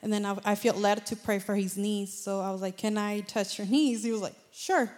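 A woman telling a personal testimony to a church in earnest, excited storytelling with frequent laughs. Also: mid-range voice, brisk. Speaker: congregation member giving testimony.

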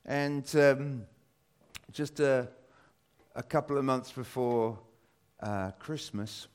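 A man's voice: mid-range voice, slow pace, smooth. A British man in his fifties giving a church talk, telling a personal story with lots of fillers. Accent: British English. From Britain. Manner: rambling, animated storytelling with many fillers. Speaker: church speaker.

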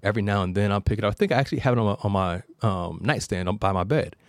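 A man hosts an advice show in a relaxed, conversational way. He tells stories and wanders off on tangents. His voice is low and sounds dry and close to the mic. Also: very fast, no room sound. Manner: conversational storyteller, digressive. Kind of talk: casual call-in advice talk.

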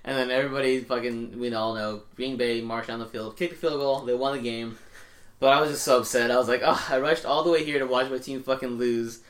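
A young man co-hosting a podcast, telling stories in a lively, casual way with offhand swearing. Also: mid-range voice, fairly quick. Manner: animated storytelling, swearing casually. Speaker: podcast co-host. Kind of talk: casual chat.

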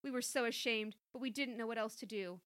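A woman's voice: fairly high pitch, fairly quick, a bit bright, natural voice. A woman doing a wordy, doting mother. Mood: soothing. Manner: wordy, mock-formal, cooing. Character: fussy, long-winded, doting mother.

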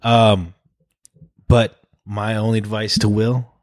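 A man's voice: on the low side, little pitch movement, slow, dry recording, clean studio sound. Laid-back cursing podcast host man. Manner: laid-back, profane, stammering restarts, laughs often. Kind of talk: casual podcast chat.

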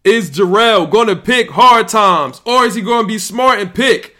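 Excitable high-voiced man reacting loudly. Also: normal speed, hardly any pauses. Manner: excitable, yelling and laughing at draft picks. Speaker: podcast host. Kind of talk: live reaction commentary.

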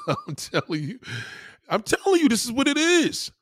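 Brief: profane New man hosting a podcast, a lively up-and-down voice, dry close mic. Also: very high-pitched, unhurried, slightly rough, no room sound. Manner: animated, profane, laughing asides. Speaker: podcast host. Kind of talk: crude comedic rant.

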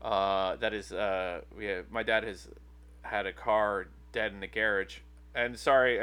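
A man in his thirties with a low, bright, forceful voice, rambling through a casual podcast chat. He trips over his words, stacks up fillers and restarts his sentences. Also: level tone, moderate pace. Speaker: podcast co-host.

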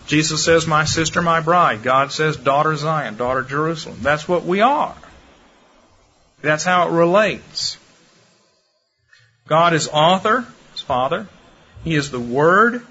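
A man delivers a teaching sermon with a bright, forceful tone, a touch higher than most men. He is demonstrative, speeding up and slowing down, louder and softer, to make his points. The recording is dull and lo-fi with faint background ambience. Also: slight background noise. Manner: demonstrative, lively delivery with varied pace and loudness. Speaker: preacher. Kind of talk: sermon lecture.

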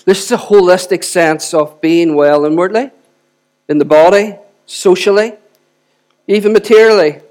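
A man delivers a Sunday sermon in a high-pitched voice. He preaches conversationally, doubling back on his words and repeating himself as he goes. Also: moderate pace, a little mellow. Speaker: lead pastor.

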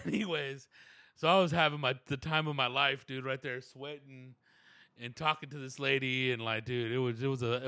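A man's voice: medium pitch, fairly bright tone, no echo, studio quality. A man telling a rambling, slangy, profane story, dropping into voices of the people in it. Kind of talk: casual storytelling monologue.

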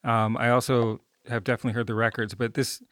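A man's voice: medium pitch, little pitch movement, quick pace, a bit bright, dry recording, studio quality. A man hosting a music podcast, asking loose, rambling questions full of fillers. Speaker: podcast host. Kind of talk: casual interview questions.

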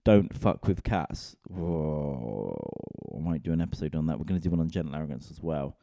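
A man's voice: a bass voice, lively intonation, moderate pace, vocal fry, dark tone, no room sound, clean studio sound. A man, a comedian and podcast host, rambling in a casual, sweary, self-mocking solo rant.

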